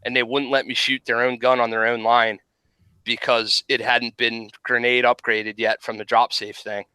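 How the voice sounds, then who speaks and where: A man's voice: mid-range voice, little pitch movement, normal speed, pushed and bright, clean tone, no echo, poor audio. An American man who is a guest on a live stream, talking in a blunt, opinionated and joking way. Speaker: podcast guest. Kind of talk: casual live-stream chat. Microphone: headset on a video call.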